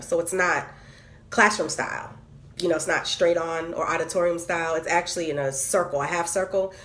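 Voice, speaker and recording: A woman's voice: mid-range voice, fairly bright tone. Woman, casual vlog venting, candid, exasperated, repetitive. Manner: candid, exasperated, repeats herself, stammering restarts. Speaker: vlogger.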